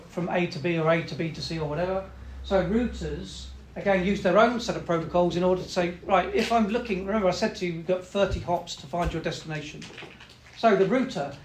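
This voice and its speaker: A teacher with a high, light voice walks a class through a topic step by step, stopping to ask "right?" and voicing the machines he describes. His voice echoes around a roomy classroom, with a faint hum underneath. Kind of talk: classroom lecture.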